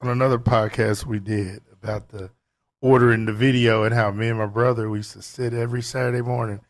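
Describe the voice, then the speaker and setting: Male co-host, laid-back chat, reflective storyteller, gets animated. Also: on the low side, brisk. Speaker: podcast co-host. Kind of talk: casual chat.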